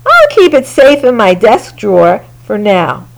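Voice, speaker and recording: Missus Olson, a woman doing a calm schoolteacher. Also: on the high side, vocal fry, heavily acted, poor audio. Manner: calm, fair and measured. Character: sensible, fair schoolteacher woman.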